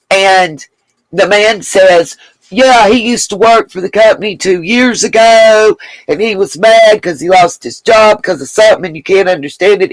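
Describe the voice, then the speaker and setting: A woman hosts a live stream, commenting and reading chat in a blunt, emphatic way, swearing freely and thanking her viewers. Her voice sits in the mid-range, and the audio is poor but has no echo.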